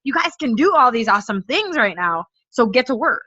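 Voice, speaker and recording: Her voice is on the high side, bright and forceful, fairly quick, with big pitch swings, and her nose is stuffed up from allergies. The woman, in her thirties, leads a network marketing team and gives them an upbeat, direct pep talk, recorded in dull, dry lo-fi with no room sound.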